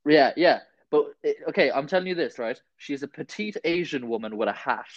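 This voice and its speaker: A young man chatting casually as a podcast co-host, telling stories with laughs and animated quotes. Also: on the high side, brisk, no room sound, highs cut off. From Ireland. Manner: laughing storyteller, animated when quoting people. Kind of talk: casual chat.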